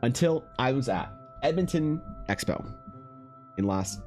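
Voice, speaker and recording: A young Canadian man, an artist streamer, telling an animated, swear-laced story in casual chat with lots of restarts. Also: mid-range voice, a little slow, soft background music.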